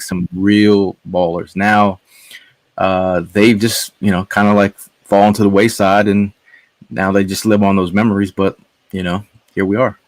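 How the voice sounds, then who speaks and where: A man in his thirties, a podcast guest who talks in a relaxed, rambling way with lots of fillers. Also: low voice, no room sound. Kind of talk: casual sports podcast chat.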